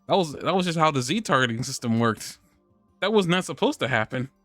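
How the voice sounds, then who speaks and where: A man's voice: a little high, animated, fairly quick, bright, forceful tone, dry recording, soft background music. A man hosting a live podcast, chatting casually and rambling, restarting his sentences and laughing often. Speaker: podcast host. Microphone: studio microphone on a live stream.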